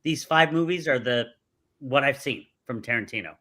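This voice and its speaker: A man's voice: mid-range voice, moderate pace, bright, forceful tone. A man co-hosting a podcast, talking in eager, casual conversation. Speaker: podcast co-host. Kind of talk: casual chat.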